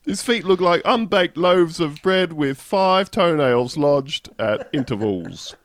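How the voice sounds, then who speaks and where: High-voiced man doing mock-earnest comedy. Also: animated, slow, no echo. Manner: mock-earnest, grotesque descriptions. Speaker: podcast co-host. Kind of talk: comedic improv.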